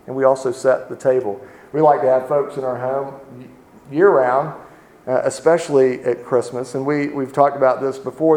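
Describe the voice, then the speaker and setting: A man giving a sermon in a mellow, warm-toned voice at an ordinary pitch. He preaches in a relaxed, chatty way, often circling back and restarting his sentences. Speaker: pastor.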